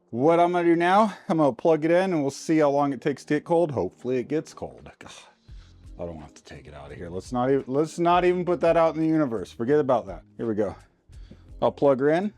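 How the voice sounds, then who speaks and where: Speaking in a mid-range, darkish voice with no echo, a man vlogs from inside his RV. He talks casually into a handheld mic while working, grumbling in a folksy, informal manner to himself and his viewers.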